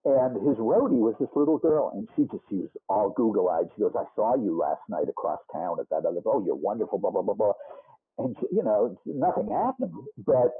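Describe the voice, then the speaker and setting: A man's voice: fairly low pitch, sing-song, fairly quick, breathy edge, soft background music. A man in his sixties with a Boston accent, a musician guest telling rambling stories with lots of restarts and asides in a casual interview. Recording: muffled phone-like band.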